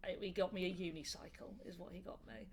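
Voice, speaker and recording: A young woman with a Northern English accent, a comedian chatting in a casual interview and telling animated, laughing stories. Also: fairly low pitch, fast, a little hiss or hum. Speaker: comedian guest. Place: indoor room.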